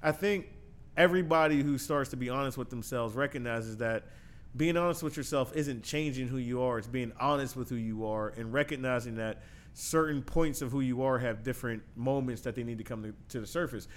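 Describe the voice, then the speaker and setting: A man in the host's chair, middle-pitched and easy, who thinks aloud and affirms his guest often. His speech is loose and casual, full of "like" and "yo" as he builds his point. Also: fairly quick. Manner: thoughtful, affirming, many fillers like "like" and "yo". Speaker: podcast host. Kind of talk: reflective podcast conversation.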